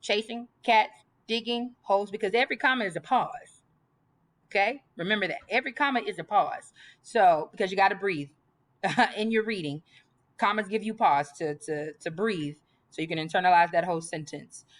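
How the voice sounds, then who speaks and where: A woman's voice: mid-range voice, normal speed. A woman teaching a grammar lesson, emphatic and reading example sentences aloud. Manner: emphatic, repeats list items aloud.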